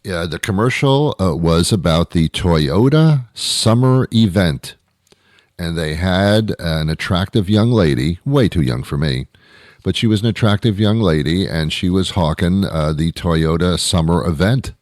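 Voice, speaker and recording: A man hosting a show, delivering a rambling comedic monologue with deadpan, mock-outraged asides. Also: low-pitched, measured pace, dry recording, clean studio sound. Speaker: show host.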